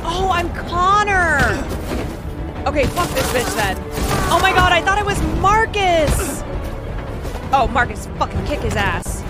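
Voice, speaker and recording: A woman streamer with a very high voice yells and panics at her game, drawing out her words. Loud game music plays behind her. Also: big pitch swings, a little slow, pauses often. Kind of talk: excited gameplay reaction.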